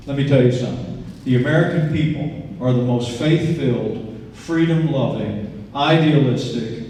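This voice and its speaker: A man's voice: medium pitch, normal speed, mellow, slight background noise. Earnest man speaking in an echoey hall. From Indiana. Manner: earnest storytelling with folksy asides. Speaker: politician giving a campaign speech. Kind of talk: campaign stump speech. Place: event venue, large indoor room. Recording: echoey hall, distant mic.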